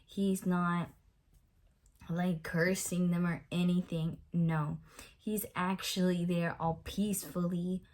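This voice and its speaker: A woman's voice: lowish voice, flat delivery, takes it slowly, darkish tone. A young woman giving a casual Bible study, talking it through loosely with many fillers and restarts.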